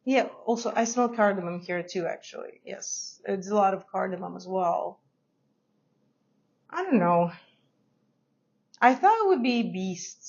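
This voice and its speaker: Her voice is medium in pitch with a darkish tone, and the recording cuts off the highs. She's a non-native English speaker casually reviewing perfumes to camera, chatty and unsure, laughing a lot.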